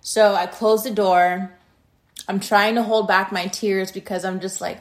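A woman's voice: mid-range voice, little pitch movement, a little slow. A woman in her thirties telling a personal story in a candid, blunt and casual way, full of "um" and "like".

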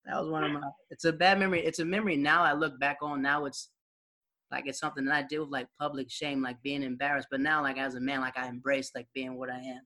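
Bright-voiced young man telling stories. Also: medium pitch, fast talker. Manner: animated, acts out quoted voices, laughs often. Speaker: friend reminiscing. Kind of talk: casual storytelling chat.

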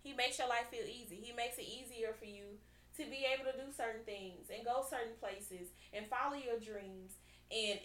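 A woman hosting a podcast in casual chat, reading scripture aloud and talking it over in an animated way, repeating her lines and checking in with her listeners often. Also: fairly high pitch, reverberant. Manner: animated and chatty, repeats lines and keeps asking "right?". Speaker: podcast host.

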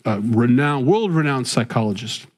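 A man's voice: medium pitch, animated, moderate pace. A middle-aged man talking casually and earnestly, rambling with many restarts and drifting into preaching about faith. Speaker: father and faith-based talk host.

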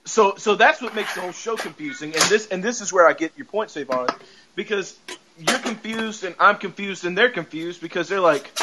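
A man hosting a podcast in casual chat, animated, laughing often and swearing freely. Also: high voice, moderate pace, background noise. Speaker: podcast host. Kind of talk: casual chat recapping a show.

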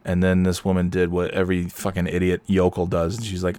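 A man with a very low voice tells a meandering anecdote, swearing often and circling back on himself with fillers. His voice sounds close and dry, with no room behind it. He talks like a host ranting casually to his listeners. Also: completely flat delivery, brisk, hardly any pauses, mellow, dry recording. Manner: profane, rambling storyteller with frequent fillers; irritated, ranting. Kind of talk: rambling anecdotal monologue.

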